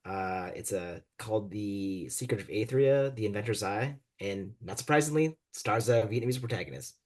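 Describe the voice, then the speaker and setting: A man's voice: lowish voice, moderate pace. A man, a guest author, reading a passage of his fiction aloud with expression over a video call. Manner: expressive reading with quoted voices.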